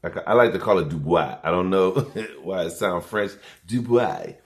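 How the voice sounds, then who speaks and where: Low-voiced man on a rambling comic rant. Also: moderate pace. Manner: rambling, loose and profane, with laughing asides. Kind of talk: casual comedic rant.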